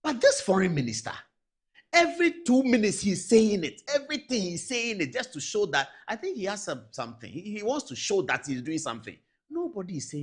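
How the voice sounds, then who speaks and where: A Ghanaian man hosting a TV show, his voice high and a little husky. He swings his pitch up and down as he delivers exasperated, emphatic commentary straight to the camera. He slips Twi phrases into his English. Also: sing-song, fairly quick. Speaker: TV news show host. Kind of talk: animated political commentary.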